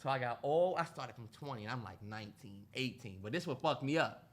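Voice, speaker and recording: A man's voice: mid-range voice, animated, fairly quick. A man co-hosting a podcast in casual chat, telling a story animatedly and acting out what people said. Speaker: podcast co-host.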